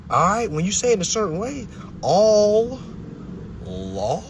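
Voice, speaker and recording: Animated, profane man ranting on a live stream. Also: sits high, racing, background noise. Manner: confrontational, preachy, profane.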